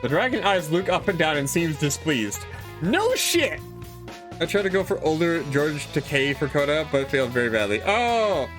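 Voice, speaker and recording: A man's voice: fairly high pitch, expressive, brisk, few pauses, over music. A man streaming himself reading a visual novel aloud, chatty, swearing casually and reacting to the story.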